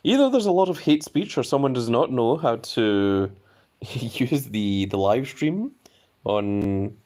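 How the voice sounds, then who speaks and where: A man's voice: medium pitch, big pitch swings, slow, dark tone. A man hosting a casual live stream, chatting loosely and reading viewer messages aloud.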